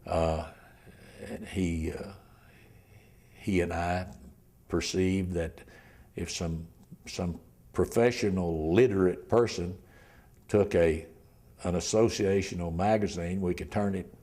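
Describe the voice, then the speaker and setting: An older man, a criminal defense lawyer telling his story in an oral history interview, halting and repeating words, often trailing off near a whisper. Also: deep voice, fairly even intonation, dark tone.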